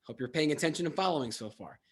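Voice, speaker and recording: A man's voice: fairly high pitch, expressive, fast talker. A man hosting an online trivia game, upbeat and playful, cracking self-mocking jokes between questions.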